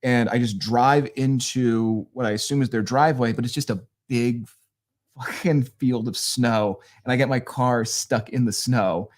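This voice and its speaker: A man from northeastern Pennsylvania, a guest comedian telling road stories with a casual, profane, deadpan delivery. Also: medium pitch, a little slow. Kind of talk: casual storytelling.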